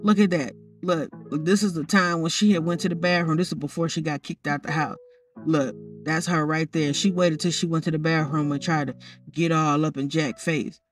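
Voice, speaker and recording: A woman talks her way through a game story in a loose, gossipy tone, ribbing the characters as she goes. Her voice sits a little back from the microphone. Soft music plays underneath. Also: sits low, steady tone, normal speed, far from the mic. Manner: chatty, teasing, talks straight to the characters. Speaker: narrator of a life-simulation story. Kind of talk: casual commentary over gameplay footage.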